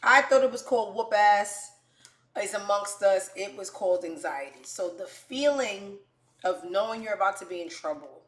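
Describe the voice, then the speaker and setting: Brash, profane New woman host, storytelling, mid-pitched, echoey room. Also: expressive, moderate pace. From New York. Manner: brash, profane, jumps between quiet asides and loud bursts. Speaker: show host. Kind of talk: casual comedic storytelling.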